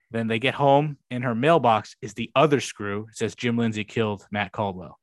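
A man's voice: medium pitch, normal speed, few pauses, no echo. A young man co-hosting a podcast, rambling through a show recap in casual chat, swearing freely and acting out quoted lines. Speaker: podcast co-host.

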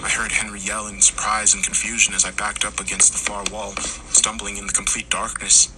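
A man narrating a horror story, acting out the characters' lines and rising to shouts in tense moments. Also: fairly low pitch, level tone, a little fast, heavy background noise. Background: music.

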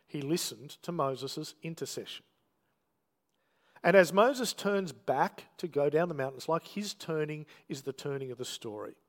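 A man's voice: on the high side, lively intonation, normal speed, in a large hall. A man preaching a sermon, telling the story with emphatic, dramatic delivery and quoted lines.

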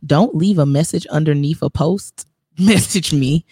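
A woman with a low, husky voice speaks unhurriedly in clean, studio-quality audio with no room sound. A spa owner and esthetician, she's a guest in a casual interview, laughing often and sounding relaxed and encouraging.

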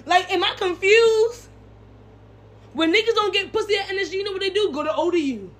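A woman's voice: very high-pitched, fairly quick, a bit bright. A woman co-hosting a casual wrestling podcast, ranting bluntly with lots of slang and swearing. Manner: profane, heated ranting. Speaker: podcast co-host. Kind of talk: casual chat.

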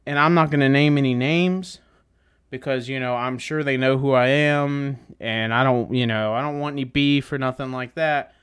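Sitting in a truck, a podcast host delivers a profane comedic rant, sarcastic and swearing constantly, with bursts of mocking voices. His mid-range voice is smooth and fairly bright, with fairly even intonation and normal speed.

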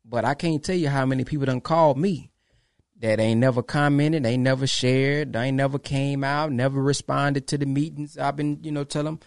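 A man's voice: mid-range voice, steady tone, normal speed, gravelly, no echo, clean studio sound. A man hosting his own podcast, speaking in an emphatic, preachy way, repeating phrases and acting out quoted exchanges. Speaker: podcast host. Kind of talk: casual monologue to followers.

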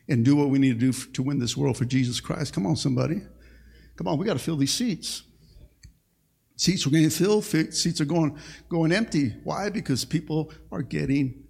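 A man's voice: a little high, vocal fry, darkish tone, breathy edge. A man preaching a sermon as pastor, with call-and-response and frequent "amen.". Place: church sanctuary. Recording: long reverb of a church hall.

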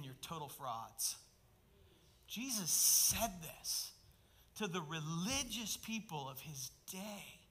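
A man preaching a sermon as lead pastor, swinging between emphatic loud bursts and hushed asides. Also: sits high, husky.

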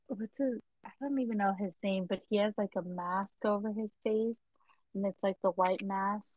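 A woman's voice: medium pitch, fairly even intonation, normal speed, no echo, phone-quality sound. A woman co-hosting a podcast in casual chat, chatty, laughing often and acting out the voices of people she quotes. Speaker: podcast co-host.

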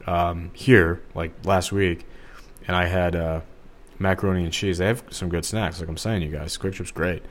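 A young man from the St. Louis area, talking casually and rambling on a solo podcast, with lots of fillers and restarts. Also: low voice. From Missouri, St. Louis area. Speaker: podcast host.

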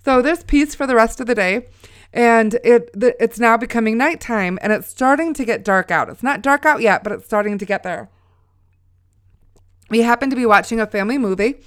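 Middle-aged woman, smooth voice, earnest Christian storyteller who exhorts listeners. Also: a little high, moderate pace, dry recording, studio quality. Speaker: mother sharing a faith testimony.

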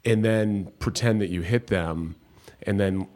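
Young guy hosting a chat, lowish voice, lots of "yeah", gets worked up telling stories. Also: measured pace. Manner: affirming, animated when telling stories. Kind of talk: casual chat.

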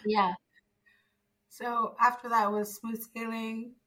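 Bright-voiced young woman telling her story. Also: fairly high pitch, slow, poor audio. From Zimbabwe. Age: young adult. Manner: animated storyteller, acts out quoted dialogue, frequent fillers. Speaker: guest. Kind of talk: casual storytelling interview.

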